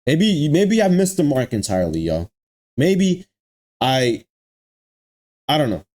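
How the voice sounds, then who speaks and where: A young man vents in a casual reaction rant, his voice leaping up and down in animated swings. His tone is dark and mellow. He keeps repeating himself and talks directly to his viewers. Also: on the high side, slow pace. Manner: exasperated ranting with heavy repetition and slang. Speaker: anime reaction channel host.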